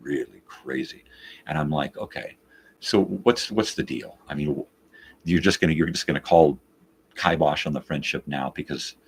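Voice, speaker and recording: With an extremely low pitch and vocal fry, this live morning show host tells a casual story full of swearing and exasperation. He animatedly voices both parties in the exchange, and there's a little hiss or hum in the recording.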